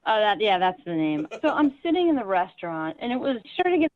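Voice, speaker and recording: A woman's voice: mid-range voice, very animated, fast, dry recording, narrow, tinny audio. A woman calling in to a radio show, talking in an indignant, defensive way about a bad date. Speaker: caller. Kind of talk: radio call-in chat.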